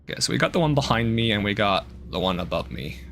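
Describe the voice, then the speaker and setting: Playful gravelly-voiced male game streamer. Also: on the low side, big pitch swings, fast talker, fairly bright tone, a little hiss or hum. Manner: playful, jokey, talks to enemies and himself. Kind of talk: live gameplay commentary.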